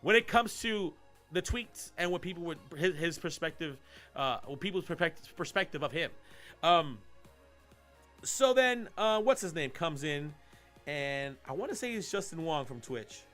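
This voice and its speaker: A man with a high, bright voice that swings widely up and down, hosting a casual podcast he streams live. He rambles and swears as he tells the story, with faint music under him. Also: unhurried. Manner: profane, rambling, animated storytelling. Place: home streaming setup. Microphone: desk mic while streaming live.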